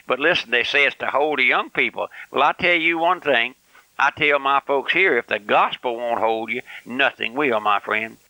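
A man's voice: medium pitch, moderate pace, sharp tone, dry recording, low-quality recording. An older man preaching a fiery, folksy radio sermon with lots of emphatic repetition.

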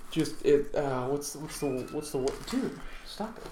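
Casual host, man, slightly high voice, rambling and profane, roomy echo with faint hiss. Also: expressive, measured pace, a crowd in the background. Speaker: podcast host. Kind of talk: casual chat.

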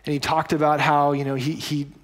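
Male pastor, conversational sermon, fairly high voice, casual asides. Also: little pitch movement, brisk, a bit bright.

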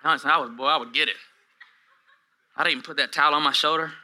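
Man in his forties, pastor, sermon in a church, high voice, quiet asides to shouted peaks. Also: steady tone, fast, poor audio. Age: 40s. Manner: dynamic preaching, swinging from hushed asides to shouted peaks; humorous, self-deprecating storytelling. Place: church hall with a live congregation.

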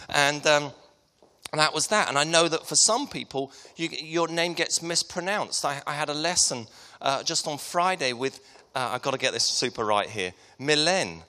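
A man's voice: on the high side, animated, normal speed, pushed and bright. A man in his thirties from Hertfordshire with an English accent, preaching a sermon in a casual, joking way. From Hertfordshire, England. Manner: chatty, joking, self-deprecating. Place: church hall. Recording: long hall reverb.

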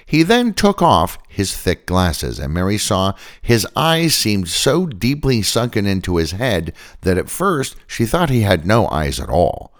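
A man's voice: on the low side, huge pitch swings, measured pace, hardly any pauses. A man hosting a podcast, telling a strange tale in scripted narration with dry asides. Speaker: podcast host.

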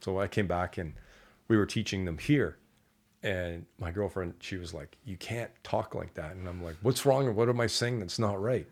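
A man with a fairly deep voice, telling casual stories as a guest in a conversation. He talks in a lively, rambling way and acts out the voices of the people he quotes. He sounds relaxed and candid. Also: moderate pace. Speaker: entrepreneur guest. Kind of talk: casual storytelling interview.

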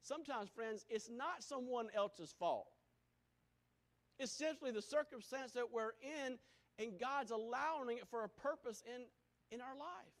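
A man preaching a sermon, swinging from loud exclamations to hushed, quiet lines. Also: extremely high pitch, unhurried.

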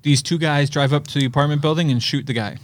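Male co-host, casual film chat, opinionated, slightly higher voice. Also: quick pace, slight background noise. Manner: opinionated, animated storyteller.

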